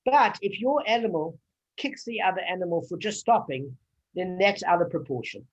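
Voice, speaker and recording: A man leads a casual study group, explaining texts at length and drifting into personal anecdotes. His voice is husky and his talk is full of fillers. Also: high-pitched, expressive, moderate pace, lo-fi sound. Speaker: Talmud study leader.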